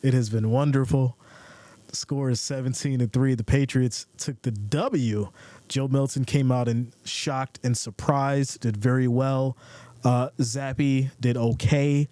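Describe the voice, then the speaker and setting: A man's voice: mid-range voice, fairly even intonation, unhurried, mellow, no room sound. A man hosting a casual football live stream, chatting in a laid-back way and reading viewer comments aloud.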